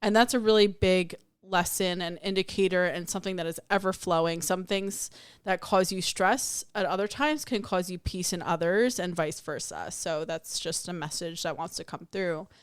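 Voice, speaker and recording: A young adult woman hosting a spiritual podcast tells a personal story in a candid, reflective way, acting out the voices within it. Her voice is on the low side with a clean tone and moderate pace, recorded with no room sound.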